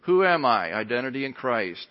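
A man's voice: mid-range voice, sing-song, moderate pace. A man preaching a sermon as pastor, emphatic and earnest. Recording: lo-fi recording in a reverberant hall.

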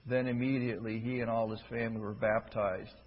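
A man preaching a sermon, emphatic, rising from quiet stretches to loud, forceful peaks. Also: mid-range voice, little pitch movement, brisk, slightly rough. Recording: dull, lo-fi with long hall reverb.

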